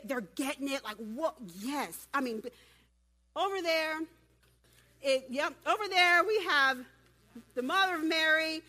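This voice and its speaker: A woman giving a lively sermon at a church women's event and directing volunteers from the audience. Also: high-pitched. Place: church hall.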